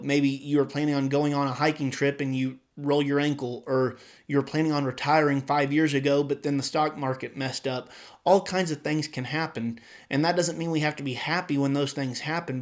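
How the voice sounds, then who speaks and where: A man teaches a Bible study lesson, walking through the passage verse by verse. His voice sits a little high for a man. He explains things plainly and leans into the scripture when he reads it aloud.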